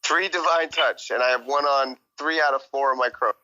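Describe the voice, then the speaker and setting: Bright-voiced eager man chatting games. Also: mid-range voice, fairly quick, highs cut off, a little hiss or hum. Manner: eager, rambling, lists items with fillers. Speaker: stream guest. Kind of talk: casual gaming chat.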